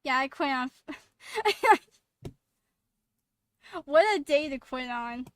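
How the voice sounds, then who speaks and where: A young woman streamer chatting casually and excitably while playing, rambling and often laughing. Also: high voice, takes it slowly. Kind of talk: casual let's-play chat.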